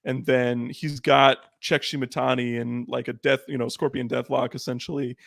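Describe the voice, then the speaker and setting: A man co-hosting a podcast, recapping matches in quick run-downs and laughing often in casual chat. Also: medium pitch, little pitch movement, vocal fry, a bit bright. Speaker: podcast co-host.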